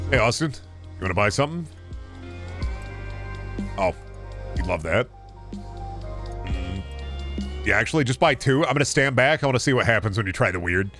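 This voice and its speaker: A man's voice: fairly low pitch, pushed and bright. A man streaming a video game, joking around casually as he plays and talks to his chat. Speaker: gaming streamer.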